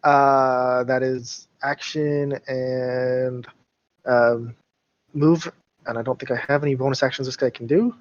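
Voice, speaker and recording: A man playing in an online tabletop game, easygoing and quick to laugh. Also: mid-range voice, steady tone. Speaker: player. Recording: dull, lo-fi voice chat.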